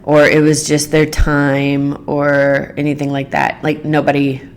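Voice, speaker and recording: A woman's voice: sits low, completely flat delivery, measured pace. A woman hosting a solo podcast, talking through her thoughts in a casual, earnest, rambling way with lots of fillers. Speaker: podcast host.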